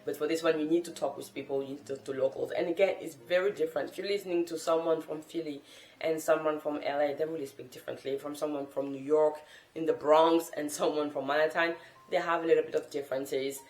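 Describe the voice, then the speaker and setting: A woman's voice: low-pitched, steady tone, quick pace, darkish tone. A woman from France, a native French speaker, talking to camera in an earnest, thoughtful and encouraging way as a language-learning vlogger. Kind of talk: casual talk to camera. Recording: roomy echo.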